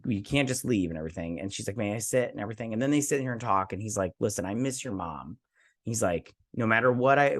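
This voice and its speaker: A tired man hosting a TV review, casually recapping an episode in a loose, rambling, slangy way. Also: fairly low pitch. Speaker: TV review host.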